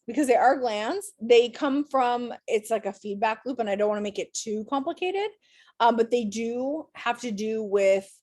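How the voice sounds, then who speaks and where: A woman leads an online class through a computer mic, chatty and upbeat with her students. Her voice sits a little high and sounds tired after a full day of teaching. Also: darkish tone.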